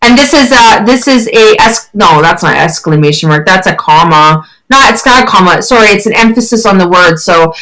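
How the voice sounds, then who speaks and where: A woman's voice: lively intonation, normal speed, few pauses, a bit bright, poor audio. A woman teaching a child English in a chatty, encouraging one-on-one online lesson. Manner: encouraging, chatty, questions with rising pitch.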